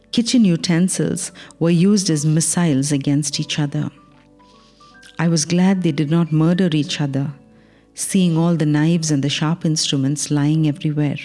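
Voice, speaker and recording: A woman reading a Christian devotional in a calm, measured, earnest way, ending in a prayer. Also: sits low. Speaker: devotional reader. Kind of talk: read devotional.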